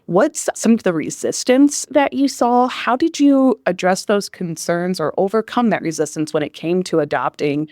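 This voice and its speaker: A woman's voice: fairly low pitch, lively intonation, moderate pace, few pauses, darkish tone, dry recording, studio quality. Chatty Northern US woman host. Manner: upbeat, chatty, self-deprecating asides. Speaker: podcast host. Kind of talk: live podcast interview. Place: conference venue.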